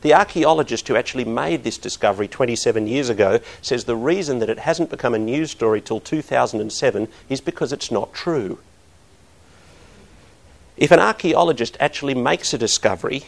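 Aussie guy preaching a sermon, middle-aged, gravelly voice, earnest, gets loud and punchy. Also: mid-range voice, lively intonation, moderate pace. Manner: earnest, building to emphatic bursts.

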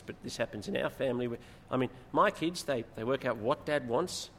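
A man's voice: mid-range voice, gravelly. A man preaching a sermon and explaining scripture, his voice rising when he stresses a point. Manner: expository, rises in emphasis, animated retelling. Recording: long hall reverb, faint noise.

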